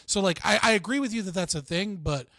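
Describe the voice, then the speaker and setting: A man's voice: high voice, quick pace, a bit bright, no echo. Rambling lecturing man, dry sound. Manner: rambling, heavy filler words, lecturing. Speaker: stream host. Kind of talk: heated casual debate.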